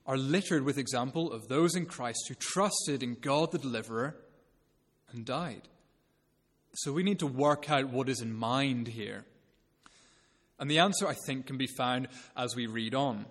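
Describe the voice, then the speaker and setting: Guy preaching a sermon, earnest and measured, long hall reverb on it. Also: medium pitch.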